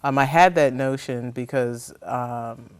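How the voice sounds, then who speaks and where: A woman in her fifties from New Jersey, answering interview questions thoughtfully with frequent pauses and ums. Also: rumbling low, smooth. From New Jersey, USA. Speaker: interview guest.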